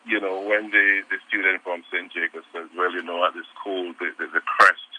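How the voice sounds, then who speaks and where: A man, a history professor, answering interview questions in a halting way with many repeated words. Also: sits low, level tone, sharp tone, a little hiss or hum, rough recording.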